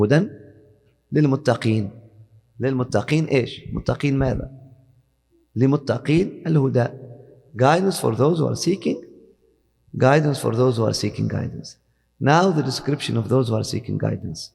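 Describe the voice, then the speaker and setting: Male scholar, fast-paced, reciting and explaining verses, gravelly voice in a reverberant hall. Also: mid-range voice, dark tone. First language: Arabic. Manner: deliberate, repeats words, recites Arabic verses. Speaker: Islamic scholar teaching Quran. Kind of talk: explanatory Quran lesson, mixing Arabic and English.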